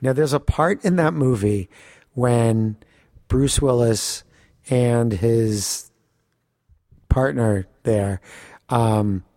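Male podcast co-host, lively casual storyteller, average pitch, dry recording. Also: very slow, pauses often, dry recording. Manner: animated storyteller, swearing, laughing often. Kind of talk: casual chat.

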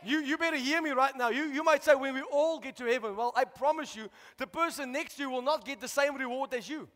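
A man preaching a sermon as pastor, shouting out to the congregation and asking for responses. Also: very high voice, fast. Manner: preaching with rising shouts and call-outs to the congregation. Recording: long hall reverb.

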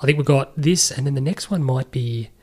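Male podcast co-host, mid-pitched, brisk, confident sports chatter. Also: mellow. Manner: quick, confident motorsport rundown with frequent ums. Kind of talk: casual sports chat.

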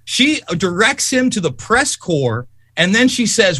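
A man telling stories in a heated, profane political rant, loudly and emphatically angry. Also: sits high, slightly rough, no room sound. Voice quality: profane, fast and animated.

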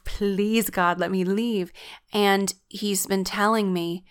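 Tired stressed woman vlogging, slow and heartfelt, kinda emotional. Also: mid-range voice, little pitch movement, smooth. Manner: earnest, confiding, emotional. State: stressed and worn out. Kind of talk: personal faith vlog.

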